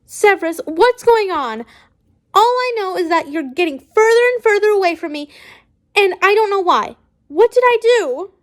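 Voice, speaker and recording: A woman's voice: sits high, takes it slowly, pauses often. A woman voicing a tearful, pleading young male wizard, with hesitant restarts.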